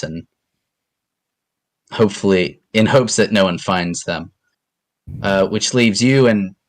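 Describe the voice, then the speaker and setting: Man, game master, lowish voice, casual hesitant narration, lots of ums.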